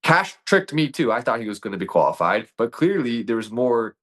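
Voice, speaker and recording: A man's voice: medium pitch, sing-song, fairly quick, fairly bright tone. A man co-hosting a casual political chat, ranting earnestly in long runs full of rhetorical questions. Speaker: podcast co-host.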